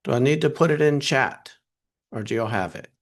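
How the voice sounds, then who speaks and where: A man teaching a workshop over a video call, animated, posing questions and answering them himself. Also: mid-range voice, normal speed. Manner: animated, asks and answers his own questions. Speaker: trainer.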